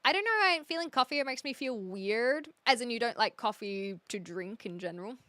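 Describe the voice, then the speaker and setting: In a relaxed stream, a young woman reads out comments and wavers chattily as she thinks aloud. Her voice leans high with lively intonation and a fairly quick delivery, captured in a dry recording.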